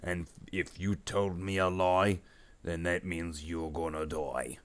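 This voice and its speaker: A man's voice: low-pitched, fairly even intonation, slow. A man voicing a dim, bossy male orc warboss who blusters, gets muddled and makes threats. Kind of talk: improvised comedy skit while painting.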